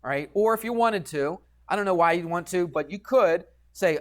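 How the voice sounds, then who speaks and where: Explaining geometry to his class at a moderate pace with hardly a pause, a male math teacher sounds patient and chatty. His voice runs slightly high for a man, and he tacks "okay?" onto his points to check in.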